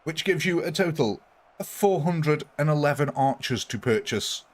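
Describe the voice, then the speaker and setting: A man's voice: fairly high pitch, lively intonation, moderate pace. Jokey British man streaming a game. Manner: jokey, self-mocking, chatty. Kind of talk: live gameplay commentary chatting with viewers.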